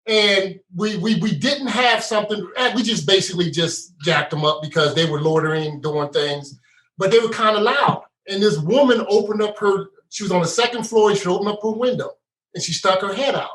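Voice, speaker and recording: A man's voice: high-pitched, a little fast, a bit bright. A man, a former police officer, talking bluntly and chiming in during a casual interview, old school and prone to cussing. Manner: blunt, self-described cusser, chiming in. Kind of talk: casual chat. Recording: echoey room, distant mic.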